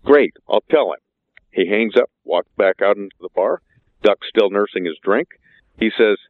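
A man telling a joke as a guest on a radio show, phoning in, animated and laughing at his own punchline. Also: on the low side, normal speed, dry recording. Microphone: phone line. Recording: tinny phone line.

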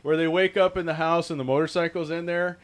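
A man's voice: a little high, fairly even intonation, fast talker, dry recording. A man hosting a casual radio talk show who tells stories with animation and laughs often. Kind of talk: casual chat.

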